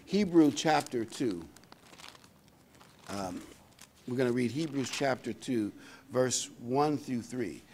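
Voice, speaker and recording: An older man preaching a sermon in a folksy, conversational way, reading scripture aloud and pausing to find verses. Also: mid-range voice, expressive, darkish tone, a little hiss or hum. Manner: pauses often with fillers to find verses. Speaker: pastor.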